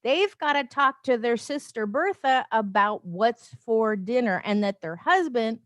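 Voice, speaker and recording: A woman hosting a casual livestream from her phone, chatty and rambling, with animated asides and frequent laughs. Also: lowish voice, no echo, clean studio sound. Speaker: life coach livestream host. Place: home, with noise outside.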